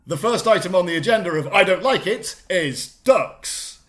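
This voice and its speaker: A man, co-hosting a comedy podcast, excitable and animated, often stumbling over repeated words. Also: sits high, normal speed. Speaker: co-host.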